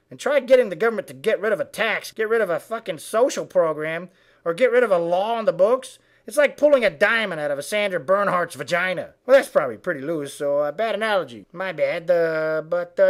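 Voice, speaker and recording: A man voicing a foul-mouthed, indignant male frog who delivers a comic political rant with profane, shouted tirades. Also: sits high. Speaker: web comedy ranter.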